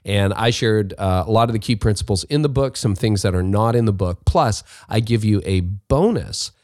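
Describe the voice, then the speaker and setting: A man's voice: lowish voice, normal speed, a little mellow, no echo, studio quality. A man with a Canadian accent hosting a podcast, talking in an upbeat, chatty way with little asides. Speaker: podcast host. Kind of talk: casual solo monologue.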